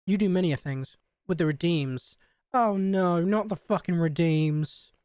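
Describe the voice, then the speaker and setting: A woman's voice: on the low side, unhurried, a little mellow, clear, resonant tone, no echo, clean studio sound. A woman with a Scouse accent streaming a game live, chatty and sweary, laughing at herself.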